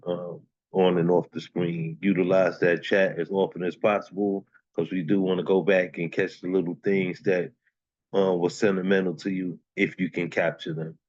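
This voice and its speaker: A man with a very low voice hosts an online open mic, keeping the banter relaxed and encouraging as he calls up performers. The sound is dry and muffled, like lo-fi call audio. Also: normal speed, no echo.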